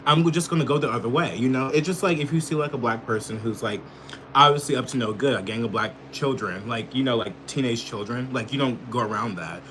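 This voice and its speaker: A man's voice: medium pitch, fairly quick, fairly bright tone, a little hiss or hum. A man from the United States giving heated, profane political commentary with lots of filler words. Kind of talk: casual ranting commentary.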